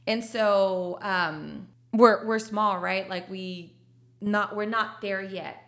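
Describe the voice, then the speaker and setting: Woman w a gravelly edge, chatty, laughs a lot, mixes in some spanish. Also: medium pitch, steady tone, takes it slowly, a bit bright. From Texas. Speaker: coffee shop owner, guest. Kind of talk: casual interview chat.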